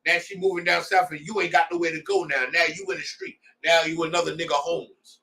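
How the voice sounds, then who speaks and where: A man's voice: a little high, fairly even intonation, fast talker, bright, forceful tone, recorded from a distance. A man leading a scripture class, preaching in a heated, blunt way with street slang. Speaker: class leader.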